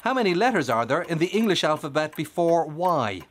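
A man's voice: fairly high pitch, very animated, a bit bright. A man hosting a radio quiz phone-in, teasing and bantering with callers. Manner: playful, teasing, quick banter.

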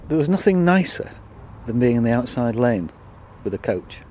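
A middle-aged man, a vintage bus owner, answering questions in a relaxed way with chuckles. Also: mid-range voice, moderate pace, a little hiss or hum.

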